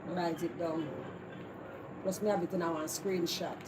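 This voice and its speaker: A Jamaican woman hosts a casual live stream with noisy ambience in the background, chatting with viewers in a rambling way and laughing a lot. Her voice is fairly low and steady at a moderate pace.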